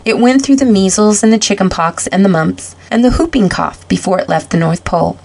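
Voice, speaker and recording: A woman voicing a jolly, kindly old male Santa Claus who talks briskly and heartily. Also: mid-range voice, creaky, a little mellow, breathy edge. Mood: hearty.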